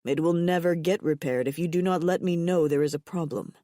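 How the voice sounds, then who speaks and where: A woman voicing a calm, mild-mannered alien barbarian warrior in an audiobook, speaking in a low, even tone. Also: a little fast, no echo, clean studio sound, natural voice. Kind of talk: audiobook character voice.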